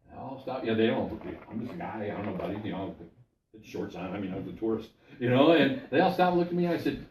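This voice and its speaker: A man's voice: medium pitch, big pitch swings, fast talker, darkish tone, roomy sound, distant mic, a little hiss or hum, poor audio. A male pastor delivering a sermon, telling a story and putting questions to the congregation.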